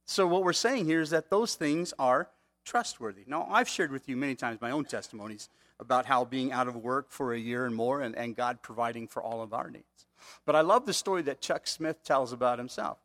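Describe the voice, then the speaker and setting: A man's voice: mid-range voice, brisk, a bit bright. A man preaching a conversational sermon, asking the congregation rhetorical questions. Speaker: pastor.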